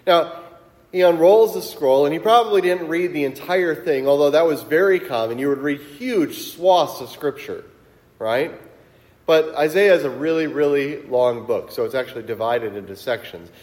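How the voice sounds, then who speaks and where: A man's voice: a little high, normal speed, a little mellow, in a large hall. A man preaching a sermon as pastor, in a conversational storytelling way that builds to emphatic peaks. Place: church sanctuary.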